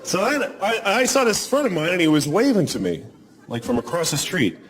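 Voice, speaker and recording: Rambling male stand-up comedian, lively pitch. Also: a little fast, background noise. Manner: rambling, self-deprecating, acts out scenes. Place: large concert hall stage. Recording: live concert recording with loud crowd. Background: loud laughing audience.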